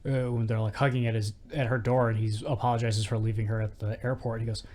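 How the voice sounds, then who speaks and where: A man's voice: medium pitch, little pitch movement, quick pace, dark tone. A man hosting a podcast, rambling enthusiastically about a film in casual chat. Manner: enthusiastic, rambling, many fillers. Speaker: podcast host. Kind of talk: casual movie discussion.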